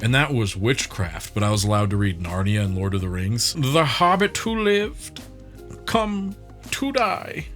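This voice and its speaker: A young man hosting a comedic vlog, joking and swearing irreverently as he reads reviews, a little tipsy from beer. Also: on the low side. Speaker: host.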